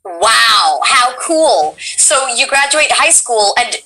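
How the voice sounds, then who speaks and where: A woman's voice: fairly high pitch, sing-song, slow pace, vocal fry, sharp tone, poor audio. A woman hosting a casual interview over a video call, bubbly and playfully teasing her guest. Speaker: interview host.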